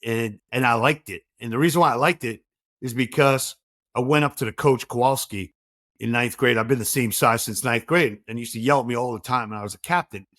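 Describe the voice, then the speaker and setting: A middle-aged man, a podcast guest, talking in a lively conversational way and acting out quoted dialogue from his own stories. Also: mid-range voice, fairly quick, no room sound, clean studio sound. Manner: animated storyteller, acts out quoted dialogue.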